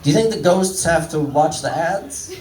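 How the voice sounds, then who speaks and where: A man's voice: a little high, expressive, normal speed. A man in his thirties doing a stand-up set, rambling and crude, mocking himself as he talks to the crowd. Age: 30s. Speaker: stand-up comedian. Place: comedy club stage. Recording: echoey room, voice from far off.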